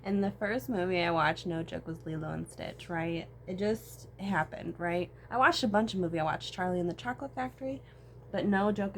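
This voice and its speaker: A young woman talking to camera in a rambling, emotional personal vlog, swearing often and swinging between tears and laughter. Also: fairly low pitch. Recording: faint background noise.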